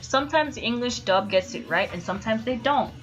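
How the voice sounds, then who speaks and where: A young woman streamer in casual chat, animated and swearing as she rants. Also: fairly high pitch, a little fast, highs cut off, soft background music.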